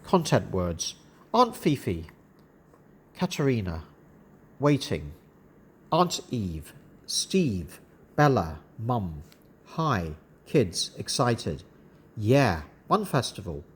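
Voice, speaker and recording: A man reading for young learners in a calm, deliberate voice. He speaks extremely slowly, each word set apart clearly for the class to repeat. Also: fairly low pitch. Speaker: narrator and word-list reader. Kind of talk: slow educational reading.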